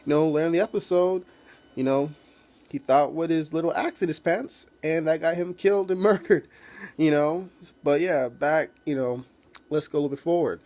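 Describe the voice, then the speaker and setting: A man's voice: fairly high pitch, moderate pace, darkish tone. A man casually recapping a TV episode as a reviewer, rambling with many fillers and swearing freely.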